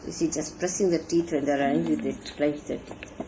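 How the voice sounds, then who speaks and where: Low-set and steady, her voice runs a little fast on an old talk recording with faint hiss. A spiritual teacher, she earnestly teaches her followers how to behave in this sermon, illustrating each point through gestures.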